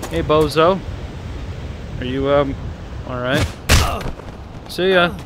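High-voiced, excitable man yelling over game noise. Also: slow pace. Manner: excitable, profane trash talk at game enemies. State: out of breath at times. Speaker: gaming video host. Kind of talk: VR gameplay commentary.

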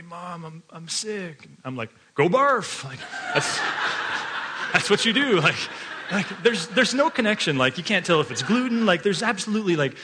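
Chatty, bright-voiced male pastor. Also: mid-range voice, a little hiss or hum. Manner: chatty, filler-heavy, often laughing while telling stories. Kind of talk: conversational sermon with storytelling.

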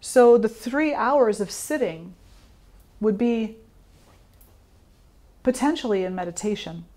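Calm, questioning woman yoga teacher. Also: fairly high pitch, slow. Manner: calm, reflective, asks the listener questions. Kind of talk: informal teaching talk.

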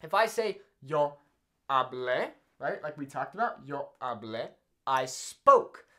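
Lively-voiced man teaching at a whiteboard. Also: mid-range voice. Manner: checks in often with "okay?" and repeats examples slowly. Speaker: Spanish teacher. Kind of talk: whiteboard language lesson. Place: indoors at a whiteboard.

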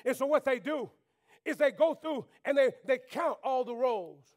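A man. He builds to fervent shouts and falls back to quiet, intense lines. He keeps urging the pews to answer him. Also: very high voice, animated, moderate pace. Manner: preaching with call-and-response, swings between shouting and quiet. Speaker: pastor. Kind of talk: sermon. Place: church sanctuary.

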